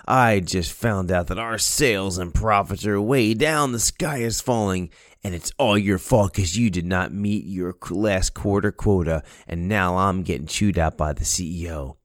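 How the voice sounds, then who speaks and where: A man's voice: deep voice, moderate pace, no echo, studio quality, close to an everyday voice. A man voicing a company boss who berates his subordinate in a raised voice. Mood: berating. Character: blustering company boss, middle-aged man.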